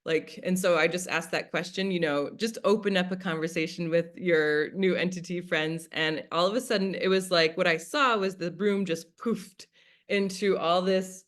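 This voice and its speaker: Woman, somewhat low voice, casual teaching talk, chatty, acts out her own thoughts. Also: fairly even intonation, normal speed, a bit bright. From United States. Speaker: class facilitator.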